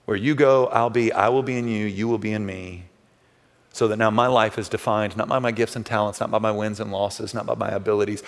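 A male pastor preaching a sermon in a loose, conversational way, full of rhetorical questions and asides. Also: fairly low pitch. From Texas. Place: large church hall. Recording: long hall reverb.

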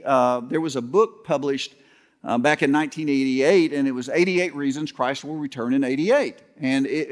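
A man who is a pastor, preaching a sermon with folksy storytelling, humor, and some halting restarts. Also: fairly high pitch. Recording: long hall reverb.

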